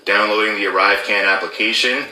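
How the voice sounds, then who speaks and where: Emphatic man, bright echoey voice. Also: lowish voice, fairly even intonation, fast talker. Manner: emphatic, repeats key words, asks "okay?". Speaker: former border officer commentator. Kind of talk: explanatory commentary.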